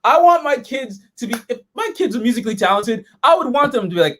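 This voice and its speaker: Animated, profane man chatting casually. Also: very high-pitched, quick pace, slight background noise. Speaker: show host reviewing episodes. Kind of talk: casual review chat.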